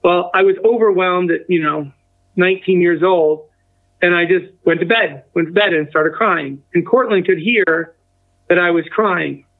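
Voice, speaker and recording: A man's voice: high voice, normal speed. A man in his forties telling a personal story as a guest, acting out the other people's lines as he goes. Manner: acts out quoted dialogue with a lively shift in tone. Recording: tinny phone-like remote line.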